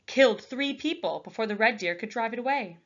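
A woman's voice: a little high, lively intonation, a little fast, fairly bright tone, lo-fi sound, voice pushed up. A woman reading aloud, voicing a guarded, scornful young clan girl. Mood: grim.

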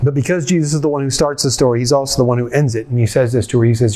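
A man pastor giving a conversational sermon, retelling a scene in a lively way and speaking straight to his listeners. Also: medium pitch, quick pace, hardly any pauses, slight background noise.

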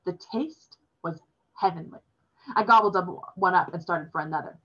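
A woman reading a novel aloud in a plain, steady storytelling manner, recorded with dull lo-fi sound. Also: lowish voice, moderate pace.

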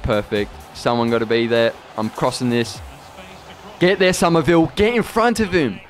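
A young man commentating his own football video game play, excitable and boastful, shouting when he scores. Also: medium pitch, normal speed, faint music behind. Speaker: gaming YouTuber. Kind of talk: live gameplay commentary.

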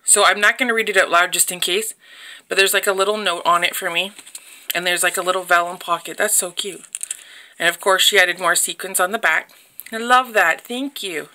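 A woman's voice: lowish voice, fairly even intonation, a little fast, pushed and bright. A young woman filming a casual craft unboxing on her phone, gushing and chatty as she talks to her viewers. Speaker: craft vlogger. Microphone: phone camera.

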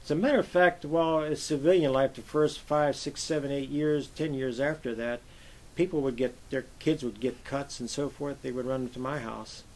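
Gravelly older man telling war stories. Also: mid-range voice, moderate pace, poor audio. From Pennsylvania, USA. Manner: lively anecdotal storyteller, acts out quoted voices. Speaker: Navy veteran interviewee. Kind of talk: oral history storytelling.

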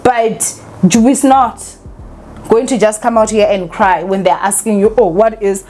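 A woman's voice: medium pitch, fairly even intonation, a little slow, a little mellow. A woman giving opinionated casual commentary as a vlogger, laughing often.

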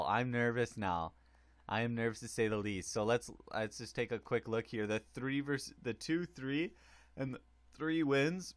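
A man giving casual, excitable commentary on a hockey video game tournament, rambling with many fillers. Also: medium pitch, unhurried, no echo. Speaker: gaming commentator.

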